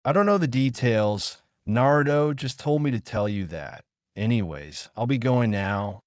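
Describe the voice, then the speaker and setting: A man voicing a gruff male fox spirit who speaks in a bored, dismissive way in a fan fiction reading. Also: medium pitch, animated, unhurried, a little mellow, no room sound, studio quality, voice pushed up, lightly acted.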